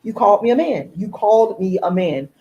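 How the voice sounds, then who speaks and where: A woman, hosting a live stream and venting in a deliberate, emphatic way, repeating herself. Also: mid-range voice, lively intonation, mellow, dull audio. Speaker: livestream host.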